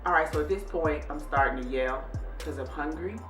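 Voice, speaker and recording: Animated low-voiced woman telling a story. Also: brisk. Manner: animated, scolding retelling. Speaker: vlog host. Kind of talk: casual storytelling to viewers. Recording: echoey room, distant mic, faint music.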